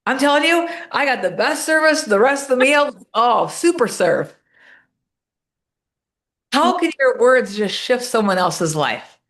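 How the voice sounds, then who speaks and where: A woman's voice: on the high side, measured pace. A woman talking as a podcast guest, telling stories with energy and acting out the voices of the people she quotes. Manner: animated storyteller, acts out quoted voices. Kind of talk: casual interview talk.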